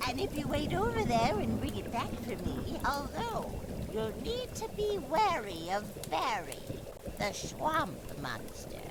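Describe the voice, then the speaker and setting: A woman's voice: high-pitched, huge pitch swings, a little slow, heavily acted. A woman voicing a folksy swamp-dwelling woman who cooks stew and calls the player darling, in a game. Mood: sly. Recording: loud game noise behind.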